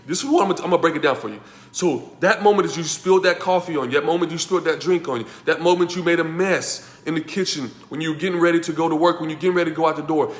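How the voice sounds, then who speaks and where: Man, motivational coach, slightly high voice, emphatic, repetitive, hushed then loud, echoey room. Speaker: life coach teaching a masterclass. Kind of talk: motivational class talk.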